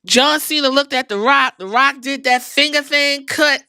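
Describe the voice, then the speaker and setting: A woman's voice: high voice, moderate pace, no echo. Woman podcaster ranting through a wrestling recap, cussing a lot, dry close sound. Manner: animated, profane storytelling. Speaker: podcast host.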